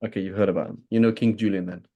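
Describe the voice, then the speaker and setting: Man, British accent, religious teacher, conversational lesson, deep voice, warm dark tone. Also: fairly even intonation, rapid-fire. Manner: keeps asking "right?", acts out imagined speakers.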